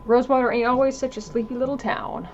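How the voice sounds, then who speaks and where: A woman's voice: a little high, steady tone, fast talker, highs cut off, a little hiss or hum, pitched above the performer's own voice, lightly acted. A woman voicing a folksy, overly courteous frontier town greeter who speaks with genteel, flowery politeness.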